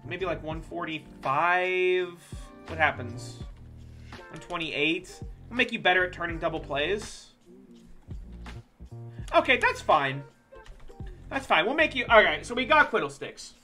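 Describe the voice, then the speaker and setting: Lively, bright-voiced joking game streamer. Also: medium pitch, measured pace, long pauses, faint music behind. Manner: joking, profane, chatty with viewers. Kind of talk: casual gameplay commentary.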